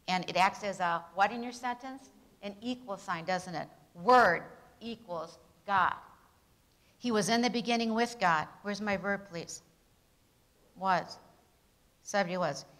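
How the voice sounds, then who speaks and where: A woman leads a grammar lesson built on Bible verses. Her voice is bright and clear, and she keeps calling out questions to her class and answering them herself. She gives the key words firm emphasis. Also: medium pitch, poor audio.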